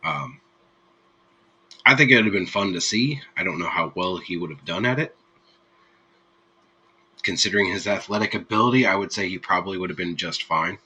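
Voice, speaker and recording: Low, husky-voiced man chatting. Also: moderate pace, long pauses, pushed and bright, poor audio. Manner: easygoing, rambling, laughs freely. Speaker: streamer host. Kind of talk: casual chat with live viewers.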